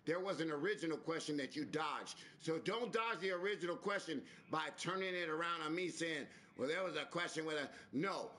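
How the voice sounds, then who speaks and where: A man hosting a live stream, talking in a preachy, repetitive, animated way with some swearing. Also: fairly high pitch, fairly quick, hardly any pauses. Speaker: stream host. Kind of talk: casual live-stream chat.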